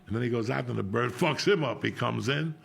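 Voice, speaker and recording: A man's voice: medium pitch, fairly quick, gravelly, slightly rough. A middle-aged man from New Jersey hosting a podcast, telling rambling, profane stories in casual chat. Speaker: podcast host.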